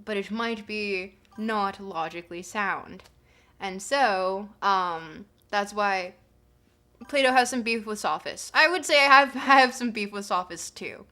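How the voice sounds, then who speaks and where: A woman's voice: medium pitch, pushed and bright. A woman streamer casually explaining a philosophy text between readings, chatty and giggly with many fillers. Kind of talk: casual live-stream commentary.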